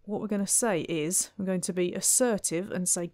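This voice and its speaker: A woman's voice: fairly low pitch, moderate pace, darkish tone, no echo. A woman commentating on her own gameplay in a wry, chatty way, full of exasperated asides. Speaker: let's play host.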